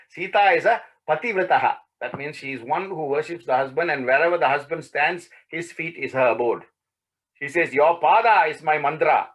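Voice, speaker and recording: A man teaches a spiritual lesson by retelling an ancient story. His voice is breathy and a little husky, at a middle pitch. He speaks the characters' lines himself and keeps checking in with his listeners. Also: a bit bright, rough recording. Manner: acts out characters' lines in the retelling, often asks "right?".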